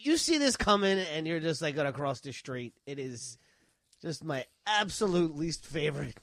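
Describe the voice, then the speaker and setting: A man's voice: fairly high pitch, sing-song, moderate pace, fairly bright tone, no room sound. Man quizzing a friend in a dry voice. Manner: hesitant, restarts while quizzing. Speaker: podcast co-host, quizmaster. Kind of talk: casual trivia chat.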